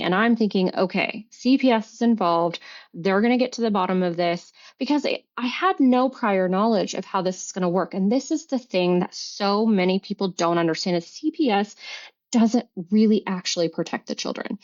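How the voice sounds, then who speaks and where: A middle-aged woman, a podcast guest, telling a personal story in an earnest, halting way with many restarts and fillers. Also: medium pitch, darkish tone. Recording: dull lo-fi recording.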